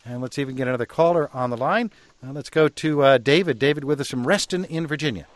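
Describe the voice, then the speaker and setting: A man at mid pitch hosting a call-in radio show, easygoing and conversational as he moves between callers and guest. The sound is close and dry, with no room around it. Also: fast, no echo. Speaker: radio talk show host.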